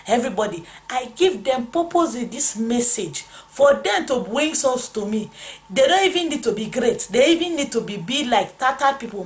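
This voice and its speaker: Fervent woman preacher retelling a vision. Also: medium pitch. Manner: fervent, acts out God and the devil in dialogue. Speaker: preacher recounting a revelation. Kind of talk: testimony sermon.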